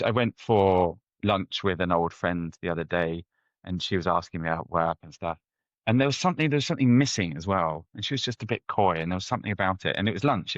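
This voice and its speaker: A man, a guest anthropologist, answering interview questions in a conversational, animated storytelling way with frequent restarts. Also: lowish voice, no echo, lo-fi sound. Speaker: head of ethnography, guest.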